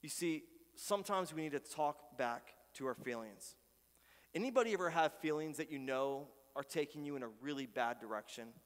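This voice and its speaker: Male pastor, high-pitched, earnest sermon voice, hall reverb. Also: animated, moderate pace. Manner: earnest, shifts between quiet prayers and loud pleading. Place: church sanctuary.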